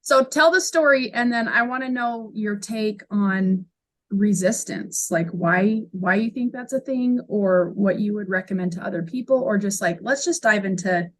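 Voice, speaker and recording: A woman's voice: medium pitch, moderate pace. A woman hosting a podcast, introducing her guest in a chatty, upbeat way. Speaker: podcast host. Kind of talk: casual chat.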